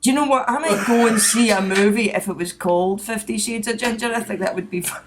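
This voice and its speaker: A middle-aged woman hosting a casual podcast and telling stories at a chatty clip, often letting her voice drop and trail away softly. Her pitch sits mid-range, with a faint hiss in the background. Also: fairly quick. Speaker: podcast host. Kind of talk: casual chat.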